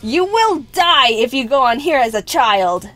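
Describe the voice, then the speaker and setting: Wry high-voiced young woman storyteller. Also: big pitch swings, a little slow, a bit bright, faint music behind. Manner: wry, playful storytelling with sarcastic asides. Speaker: animated storyteller. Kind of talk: scripted narration.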